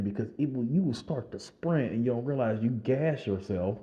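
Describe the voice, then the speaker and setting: A man vlogging, telling a personal story in a casual, animated way with frequent laughs and fillers. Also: mid-range voice, brisk, highs cut off.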